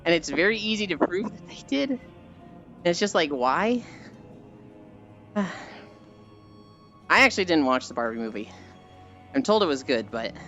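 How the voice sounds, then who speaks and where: Walking while livestreaming, the speaker chats in a medium-pitched, slightly bright voice, rambling through stories full of fillers and sighs. The audio is muffled, with faint music behind it.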